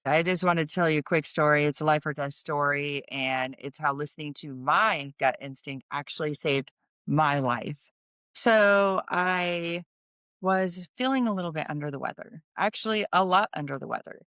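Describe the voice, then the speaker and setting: A woman's voice: sits low, normal speed, fairly bright tone, clear, resonant tone, no room sound. A middle-aged woman hosting a podcast, earnestly telling a personal story in a conversational way and explaining things as she goes. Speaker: podcast host.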